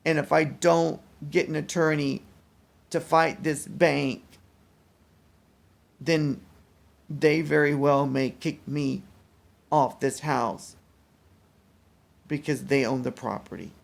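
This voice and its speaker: A mentally exhausted man talking in a casual personal vlog, weary and rambling, with halting restarts. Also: fairly high pitch, fairly even intonation, creaky. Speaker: vlogger.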